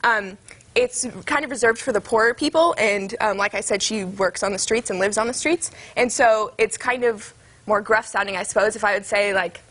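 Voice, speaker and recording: A woman's voice: medium pitch, normal speed, a bit bright. A young woman, a student actress, earnestly explaining her show in a TV interview, with many ums. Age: young adult. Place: TV studio.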